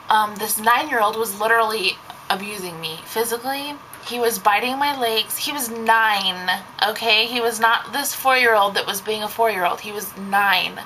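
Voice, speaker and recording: A woman's voice: fairly high pitch, sharp tone, slight background noise, poor audio. A young woman, a babysitter, telling a story in a casual vlog, rambling and saying "like" constantly. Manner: rambling, heavy use of "like".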